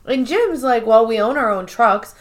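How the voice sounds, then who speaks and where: A woman's voice: on the high side, expressive, normal speed. A woman co-hosting a podcast, retelling TV scenes in casual chat, often quoting the characters' lines and swearing freely. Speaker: podcast co-host.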